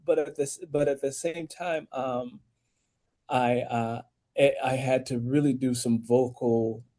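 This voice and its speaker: A man, an author and audiobook narrator, speaking as a podcast interview guest, animated, with emphatic rises in pitch when he makes a point. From United States.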